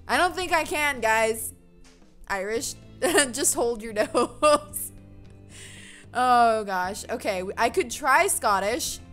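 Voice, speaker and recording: A bright-voiced woman chats and giggles through a game stream, reading the on-screen text aloud. Her voice sits a little high, and faint game music plays in the background. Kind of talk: let's play commentary.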